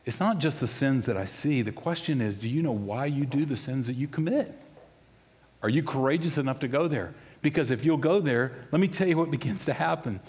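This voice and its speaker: A man preaching a sermon, telling a personal story in a conversational way that swings between loud outbursts and hushed moments. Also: medium pitch, lively intonation, brisk, long reverb tail. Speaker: pastor.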